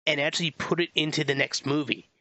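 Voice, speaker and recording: Bright-voiced man in casual movie chat. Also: fairly high pitch, fairly even intonation, fast, dry recording, muffled recording. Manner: rambling, stumbles over names, laughs often. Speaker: podcast co-host.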